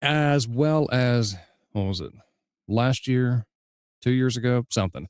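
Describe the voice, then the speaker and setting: An easygoing male podcast host with a faint Southern US accent, speaking at a middling pitch. He tells stories and asks his questions in a measured, relaxed way. The sound is dry and close, with no room around it. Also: smooth, no echo. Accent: slight Southern US. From Southern United States. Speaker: podcast host and audiobook narrator. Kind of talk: casual interview chat.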